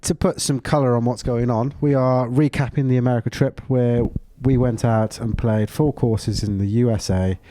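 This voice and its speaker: Podcast host, relaxed warm voice, easygoing chat. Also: male voice, mid-range voice, normal speed, few pauses, no room sound. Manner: easygoing, sets up topics. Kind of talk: casual chat.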